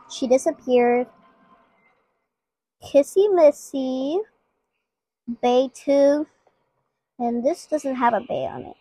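A woman's voice: high-pitched, warm tone. A woman giving casual, playful gameplay commentary, chatting to her viewers as she plays. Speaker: gaming channel host.

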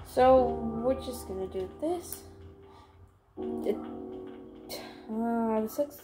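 A young adult woman chatting casually in a crafting vlog, excitable, rambling and swearing freely. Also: a little high, takes it slowly, over music. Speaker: vlogger.

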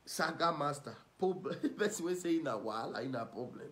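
Male online commentator, Nigerian Pidgin accent, scornful ranting delivery, fairly high pitch. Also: expressive, moderate pace. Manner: mocking, scolding, swings loud and soft.

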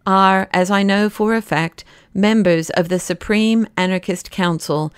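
A woman doing a stiff formal police detective man, officious, audiobook character, smooth tone. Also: mid-range voice, steady tone, a little slow, no echo, clean studio sound, close to an everyday voice.

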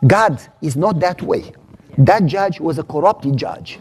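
A man preaching and answering audience questions, emphatic and teacherly, repeating key lines slowly. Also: fairly high pitch, lively intonation, slightly rough, soft background music. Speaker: pastor. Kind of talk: sermon Q&A with audience.

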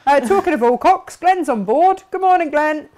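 A woman hosting a craft live stream, chatting brightly and reading out viewer comments with frequent laughs. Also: high-pitched, expressive, moderate pace. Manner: bubbly, chatty, laughs often.

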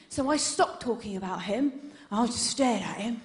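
A woman performing a stand-up comedy set, telling animated stories and punching up the jokes. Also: on the high side, moderate pace. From England. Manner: animated storytelling, loud bursts for punchlines. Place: comedy venue stage. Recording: roomy live venue sound.

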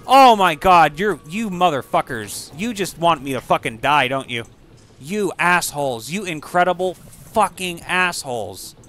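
A man giving profane, excitable live commentary while playing a video game and yelling at what happens on screen. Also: on the high side, a little slow. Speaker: gaming streamer.

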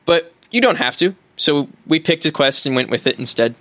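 A man's voice: on the high side, animated, normal speed, fairly bright tone, no room sound. Dry-voiced man chatting about games. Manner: enthusiastic, rambling with fillers and restarts. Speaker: podcast co-host. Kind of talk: casual podcast chat about tabletop games.

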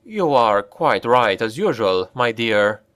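A man's voice: mid-range voice, sing-song, slow pace, fairly bright tone, clean tone. A man playing a cruel, smug nobleman in an audiobook, speaking in a cold and imperious way. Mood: agreeable.

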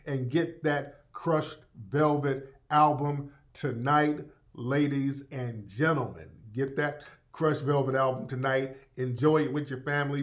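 A man hosting a live broadcast in a loose, conversational way. He repeats his points and talks straight to his listeners, calling them family. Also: a little high. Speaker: radio show host. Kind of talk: casual live broadcast talk.

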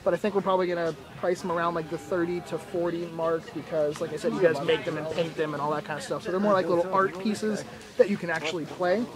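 Vlogging from a flea market booth, a man hosts a casual chat, joking and laughing often. His voice is fairly high and level in tone, and he talks fast. The noisy, crowded market fills the background with a busy crowd and music.

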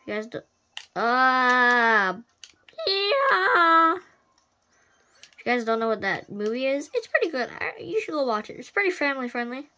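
Playful woman with a lively voice. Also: on the high side, brisk. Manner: playful, exclaims and cries out at the game. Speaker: gamer playing and commenting. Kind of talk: casual gameplay commentary.

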